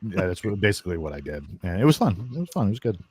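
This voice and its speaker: A man's voice: low-pitched, rapid-fire, breathy edge. A man guest author on a video call, telling stories in casual chat and acting out his friends' voices. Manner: animated storyteller, acts out quoted friends.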